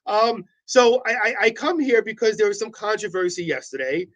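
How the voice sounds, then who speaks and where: Higher-pitched guy cohosting morning radio, joking around, playfully defensive. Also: lively intonation, normal speed, fairly bright tone, rough recording. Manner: playful, mock-defensive teasing. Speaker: morning show co-host. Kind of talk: joking banter on a morning show.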